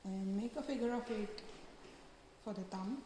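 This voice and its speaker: A woman's voice: medium pitch, moderate pace. A woman giving short, step-by-step instructions for bandaging a hand and fingers. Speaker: medical student demonstrating bandaging. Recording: echoey room with faint noise.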